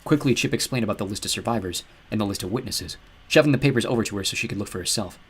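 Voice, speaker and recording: A man's voice: lowish voice, very fast, breathy edge. A man narrating an audiobook, telling the story expressively and voicing its characters. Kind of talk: scripted narration.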